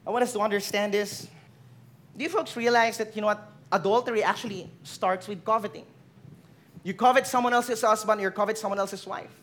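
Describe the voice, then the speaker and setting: A preacher with a Filipino accent delivering a lively sermon, teasing the congregation and switching languages. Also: mid-range voice, brisk.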